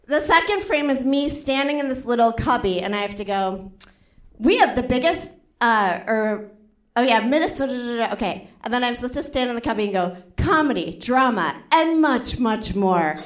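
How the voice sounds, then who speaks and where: A young woman with a high, bright-sounding voice tells a comic story on stage, full of "like" and acted-out quotes. The sound carries a noticeable echo from the venue around her. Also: fairly quick. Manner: animated, acts out quotes with voices, frequent "like". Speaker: stand-up comedian. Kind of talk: stand-up storytelling.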